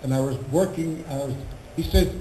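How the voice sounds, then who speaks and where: An older man whose voice is a little high for his age tells anecdotes briskly and with animated gusto as a convention panel guest, acting out the voices of people he quotes. His voice fills a roomy convention hall with a faint crowd hum behind it.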